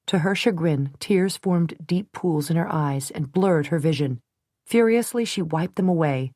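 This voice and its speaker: Brief: female audiobook narrator, steady and even, lowish voice, dry studio. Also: unhurried, no room sound. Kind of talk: scripted narration.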